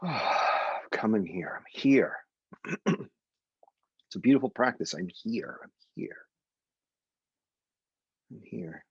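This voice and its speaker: A man leading a guided meditation, talking gently and unhurriedly and repeating soothing phrases. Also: low voice, breathy edge, no room sound, muffled recording. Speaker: meditation teacher.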